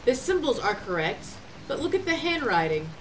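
A woman's voice: high voice, very animated, normal speed, a little hiss or hum, poor audio. A woman voicing a suspicious male ticket gatekeeper in a video game, speaking in a doubtful, stern manner.

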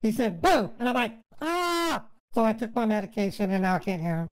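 A man's voice: high-pitched, racing, a little mellow, close to an everyday voice. A man voicing a fragile, rambling woman who sobs with grief and then chatters on sweetly. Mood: chatty, sweet. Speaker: scambaiter.

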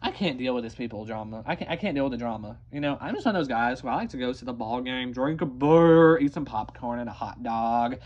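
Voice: mid-range voice, animated, fast talker, hardly any pauses, darkish tone, dull audio, close to an everyday voice. A performer voicing a bumbling ostrich puppet in a comedy show, rambling and crude. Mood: fed up.

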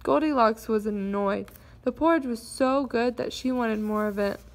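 A woman reading a children's fairy tale aloud in an expressive storytelling manner. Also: fairly high pitch, moderate pace.

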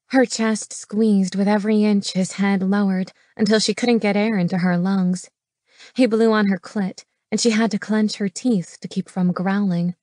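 A woman narrating a romance audiobook in a measured, intimate reading from a studio booth on a close mic. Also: medium pitch, fairly even intonation, darkish tone, no echo.

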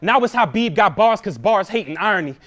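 A man's voice: high-pitched, expressive, a little fast, fairly bright tone. A young man performing a live battle rap verse, punchy and confrontational, repeating lines for emphasis. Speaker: battle rapper.

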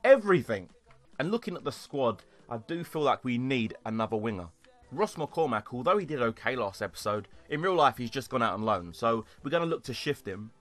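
A young man commentating his own football video game, excitable, shouting at goals and swearing. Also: medium pitch, brisk, soft background music. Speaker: gaming YouTuber. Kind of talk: gameplay commentary. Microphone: desktop USB microphone.

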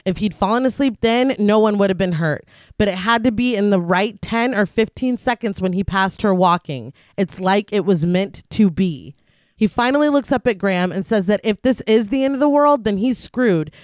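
A woman co-hosts a podcast in a casual manner and retells a film's plot scene by scene. She often slips into laughter as she goes. Her voice sits at a middle pitch, in a dry room with no echo. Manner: breaks into laughter while recapping. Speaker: podcast co-host. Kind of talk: casual chat and film plot recap.

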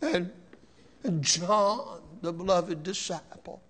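Slow, high-voiced preaching man. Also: expressive. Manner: slow, emotional preaching with rising shouts and repeated words. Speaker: pastor. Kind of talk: sermon. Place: church sanctuary.

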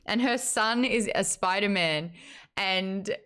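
A woman hosting a casual livestream book chat, talking in a chatty, animated way and reading viewer messages aloud. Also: medium pitch, slow, clean tone. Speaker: host.

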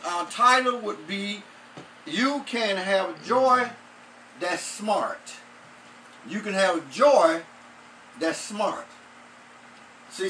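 A man's voice: high voice, fairly bright tone, far from the mic, slight background noise, rough recording. A man, a pastor, preaching a sermon, repeating phrases and stretching out words for emphasis. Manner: repetitive emphatic preaching, drawn-out stresses.

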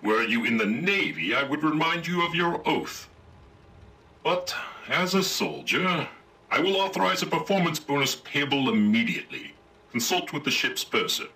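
An actor playing a pompous, old-fashioned robot ship captain who barks formal naval orders, in a video game. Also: male voice, very animated, moderate pace, sharp tone, heavily acted. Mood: commanding. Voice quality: booming formal naval diction.

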